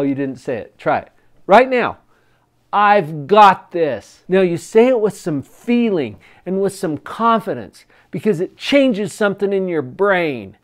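Energetic emphatic male motivational coach. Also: a little high. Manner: energetic, emphatic, swings loud on key phrases. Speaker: parenting coach. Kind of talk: motivational talk to camera.

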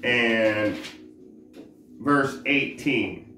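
Slow, halting man in an echoey room. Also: mid-range voice, lively intonation. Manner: halting, searches for words, restarts often. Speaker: religious teacher. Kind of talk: informal scripture teaching. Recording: roomy echo, faint background noise.

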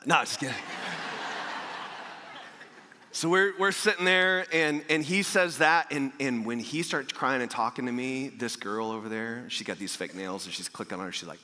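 A man preaching a sermon as a pastor, telling a story in a lively way and acting out the people in it. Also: mid-range voice, fairly quick. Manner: animated storyteller, acting out dialogue. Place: large church hall. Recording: echoey church hall.

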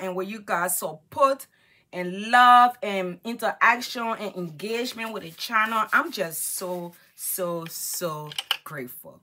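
A woman vlogger chatting excitedly while doing her makeup, talking casually and repeating herself often. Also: medium pitch. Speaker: beauty vlogger. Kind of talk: casual get-ready-with-me chat.

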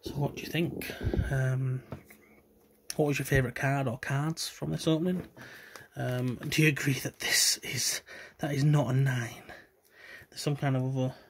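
Subdued man, low-key droning chat. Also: fairly even intonation, normal speed, slight background noise. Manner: subdued, self-deprecating, low-key with trailing hesitations. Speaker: card collector vlogger. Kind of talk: casual card-opening commentary.

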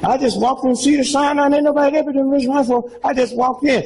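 A comedian in his seventies does stand-up storytelling for a live audience, his voice very high, a little mellow and lively in intonation as he talks fast. He's folksy and rambling, tossing in asides like "huh?" and "you know what I'm saying?" The recording is low quality with slight background noise.

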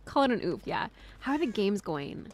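A woman's voice: medium pitch, sing-song, normal speed. A young woman streaming a game live, chatting with viewers, giggling often and shrieking and swearing when startled.

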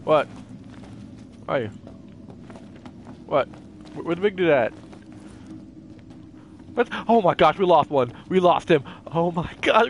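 Excitable young gaming commentator man. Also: a little high, slow pace, long pauses, a little hiss or hum. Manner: excitable, jokey, talks to the game characters. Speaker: gaming YouTuber. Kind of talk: casual gameplay commentary.

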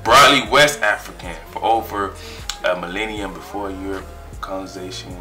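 A young man in his twenties, chatting excitedly in a casual vlog and trailing off as he reads his results aloud. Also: deep voice, moderate pace, soft background music. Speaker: vlogger.

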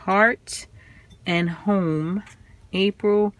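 Slow, awed woman vlogger. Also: lowish voice. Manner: awed, exclaiming, handling fragile items carefully. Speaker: vintage craft vlogger. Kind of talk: casual show-and-tell.

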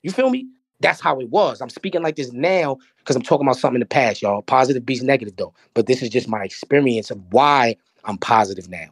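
A man with a New York accent telling a story on a podcast as a guest, animated and streetwise, often repeating himself. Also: mid-range voice, fast, husky, no room sound, clean studio sound. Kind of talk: casual storytelling.

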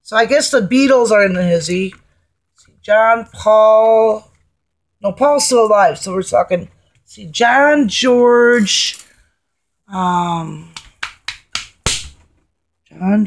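A woman's voice: medium pitch, lively intonation, very slow, long pauses. A middle-aged woman chatting and singing in a casual home video, jokey and rambling, breaking into a bluesy half-sung delivery. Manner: jokey, rambling, self-deprecating. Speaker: amateur singer-songwriter.

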